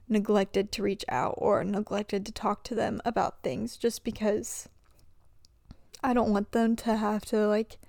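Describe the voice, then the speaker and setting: A woman's voice: medium pitch, a little mellow, dry recording. Young woman rambling confessionally, dry sound. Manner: rambling, filler-heavy with frequent "like". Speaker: vlogger. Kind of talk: confessional personal talk.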